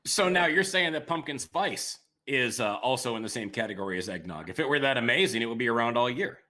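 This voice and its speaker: A man hosting a casual interview over drinks, firing off dry jokes and quick quips. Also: medium pitch, lively intonation, bright, forceful tone. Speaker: host.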